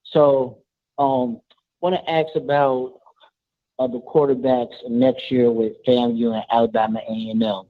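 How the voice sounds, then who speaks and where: A man's voice: medium pitch, flat delivery, a little slow. A man from Charlotte calling into a sports talk show, hesitant with many fillers. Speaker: caller. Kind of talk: phone-in question. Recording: tinny phone line.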